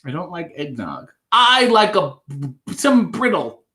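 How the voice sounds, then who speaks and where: A man's voice: high voice, very animated, slow pace, sharp tone. A man hosting a casual livestream, reading viewer comments aloud and answering with wry, joking asides. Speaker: livestream host.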